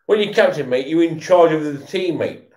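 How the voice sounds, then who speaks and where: A man's voice: fairly high pitch, expressive, normal speed, a little mellow. Tipsy swearing man, echoey room. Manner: swearing, repetitive, stammering restarts. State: tipsy from beer. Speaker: vlogger watching football. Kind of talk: casual live-watch rant.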